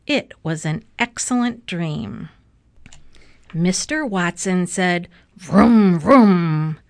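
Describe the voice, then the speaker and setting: A woman reading a children's book aloud with slow, gentle, clear storytelling. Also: fairly low pitch, expressive, no echo. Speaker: storybook reader.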